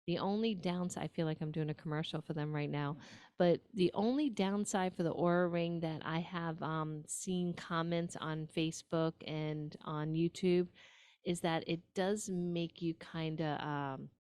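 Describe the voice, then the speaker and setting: Woman, New York accent, nutrition show host, lowish voice, dry close sound, chatty with ums. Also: steady tone, measured pace, darkish tone, clear, resonant tone, no room sound. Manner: chatty, frequent ums, asides to the audience. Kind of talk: casual talk-show advice.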